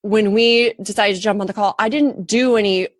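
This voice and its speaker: A woman's voice: medium pitch, fairly even intonation, moderate pace, dry recording, clean studio sound. A woman from Southern California chatting as a podcast guest, laughing often and acting out little quotes. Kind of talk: casual podcast conversation.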